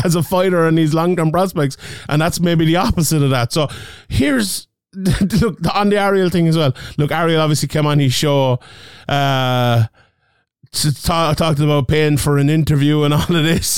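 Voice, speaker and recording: Podcast host, lively chatter, lots of laughs, smooth higher voice, dry close mic. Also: male voice, no room sound. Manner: animated, laughs often, swears, restarts a lot. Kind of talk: casual MMA podcast chat.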